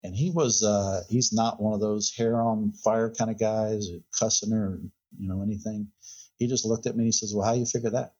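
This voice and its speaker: A fire chief talks through an old incident as a podcast guest, relaxed and conversational, often doubling back on his words. His voice sits low and mellow with a husky edge. The audio sounds dull and lo-fi. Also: normal speed. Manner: relaxed storyteller, repeats words and quotes others. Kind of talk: recounting a past incident in conversation.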